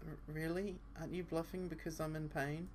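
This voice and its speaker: A man voicing a shy but determined teenage schoolgirl in pain, reading a visual novel aloud with a raised, soft voice. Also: on the high side, flat delivery, a little fast, a little hiss or hum, pitched above the performer's own voice, lightly acted. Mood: tearful. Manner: pained, pleading.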